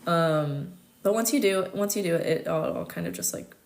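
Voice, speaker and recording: Young American woman, casual livestream host, somewhat low voice, chatty and filler-heavy, laughs easily. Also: normal speed, vocal fry, darkish tone. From United States.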